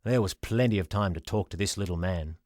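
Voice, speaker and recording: A man reading a children's storybook aloud as the narrator, in an expressive way. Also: sits low, a little fast, no echo, clean studio sound. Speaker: audiobook reader.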